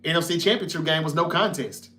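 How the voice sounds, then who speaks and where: This North Mississippi man, speaking with a Southern Mississippi accent, talks fast in a fairly high, sharp-toned voice. He's at home in Memphis, Tennessee, running a laid-back live sports podcast where he reads out chat comments and responds in an easygoing, talkative way.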